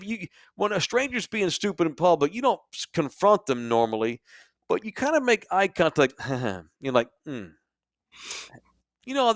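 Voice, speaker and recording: A man's voice: on the high side, no room sound, studio quality. A man co-hosting a podcast, telling a crude, mocking travel story with lots of profanity. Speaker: podcast co-host. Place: sports bar studio.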